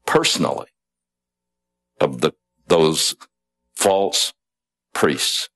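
Male preacher, deep voice, unhurried storytelling sermon delivery. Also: animated. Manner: conversational storytelling with asides and chuckles.

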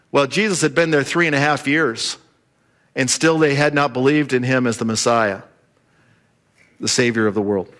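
A man preaching a sermon as pastor, telling the story with animated delivery and acting out the voices of the people in it. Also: mid-range voice, moderate pace, pauses often.

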